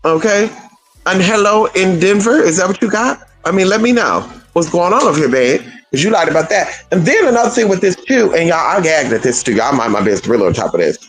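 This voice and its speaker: Sassy gossiping man, slightly high voice. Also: big pitch swings, fairly quick, a bit bright, soft background music, poor audio. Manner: sassy, gossipy, swooping pitch; calls listeners girl and honey. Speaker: livestream host. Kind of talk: casual chat storytelling.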